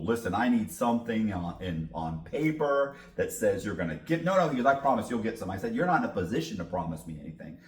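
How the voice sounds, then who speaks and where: A man's voice: on the low side, roomy sound. A man guest in an interview, telling a long story with lots of cursing and acted-out dialogue. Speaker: podcast guest.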